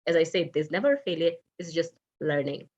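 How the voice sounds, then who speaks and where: A woman's voice: low voice, a little fast, darkish tone, dull audio. A Kenyan woman, a radio manager, giving an emphatic talk on self branding and acting out people's words as she goes. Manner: emphatic, quotes people directly. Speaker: radio manager, guest speaker.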